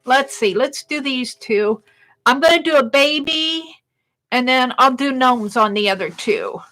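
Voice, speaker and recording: A woman hosting a casual craft livestream, chatting and laughing at her own drawing as she works, sometimes dropping to a soft murmur. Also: sits high, lively intonation, unhurried, low-quality recording.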